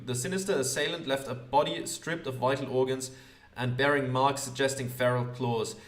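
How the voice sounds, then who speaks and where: A man hosts a let's play, reading game text aloud in a mid-pitched voice. He talks casually and stumbles often with hesitant fillers. His voice carries a roomy echo.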